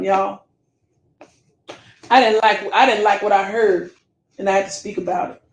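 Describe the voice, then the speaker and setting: A woman with a high voice delivers a scolding, preachy rant straight into her camera. She lectures her listeners and calls them baby and family. The room around her rings with echo. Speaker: YouTube commentator.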